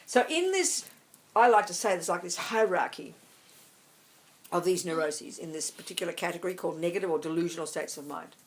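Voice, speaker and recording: A woman's voice: fairly low pitch, brisk. Emphatic woman teaching Buddhism. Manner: emphatic, animated, keeps checking the audience follows; calls listeners darling. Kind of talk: dharma talk with audience questions.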